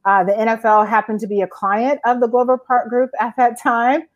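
A woman in her forties from Georgia, recounting her career as an interview guest in a lively storytelling way with frequent fillers. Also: on the high side, a little fast, muffled recording. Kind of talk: conversational storytelling.

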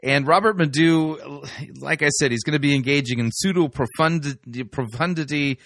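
A man hosting a commentary show, setting up a sermon clip in a quick, scornful and joking way. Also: on the high side, fairly bright tone, no echo, clean studio sound. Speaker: show host. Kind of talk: introducing a clip.

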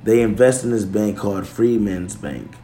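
A man's voice: lowish voice, steady tone, normal speed, mellow, soft background music. A man talking casually to camera, loose and slangy, swearing, restarting and correcting himself as he goes. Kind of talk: casual chat. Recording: echoey room.

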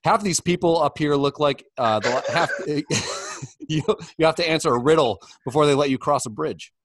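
A man's voice: a little high, moderate pace, no room sound. A middle-aged man chatting casually and crudely with friends, rambling through stories and reading a roast speech aloud.

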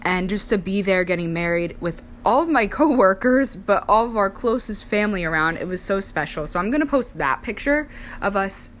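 A woman's voice: medium pitch, fairly bright tone, a little hiss or hum. A young woman telling a personal story in a casual, chatty way, full of "like" fillers. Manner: chatty, many "like" fillers, acts out quoted voices. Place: indoors, sipping coffee while talking.

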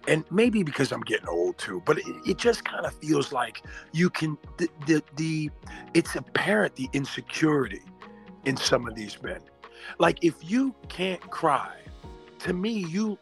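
Man, middle-aged, podcast host, gravelly voice, fairly high pitch, emphatic slangy talk. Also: big pitch swings, a little slow, faint music behind. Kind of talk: casual chat.

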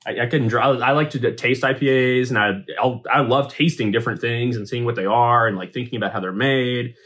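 A man's voice: mid-range voice, steady tone, fairly quick, a bit bright. A man co-hosting a podcast, talking enthusiastically in a casual chat. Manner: enthusiastic, talkative. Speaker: podcast co-host.

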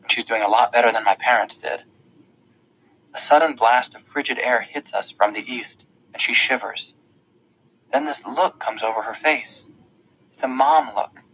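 A man's voice: mid-range voice, moderate pace, a bit bright, breathy edge, rough recording. A man reading a novel aloud in the first person, in a plain conversational storytelling manner. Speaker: audiobook narrator.

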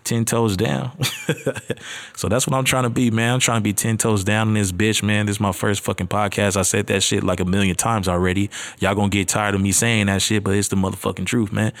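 A man's voice: fairly low pitch, level tone, fairly quick. A man hosting his first solo podcast, nervous, rambling and profane, talking straight to his listeners in slangy casual chat. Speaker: podcast host.

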